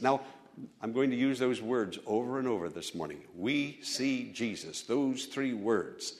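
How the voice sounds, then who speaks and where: A man preaching a sermon as pastor, fervent, moving between hushed storytelling and loud exhortation. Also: medium pitch, expressive, normal speed.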